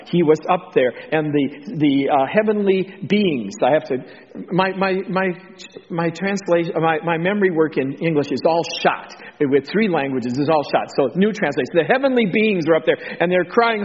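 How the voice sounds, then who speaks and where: A man with a Texan drawl preaching an informal sermon on missions, rambling with ums and restarts, getting animated. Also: a little high, normal speed. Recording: dull lo-fi sound with long hall reverb.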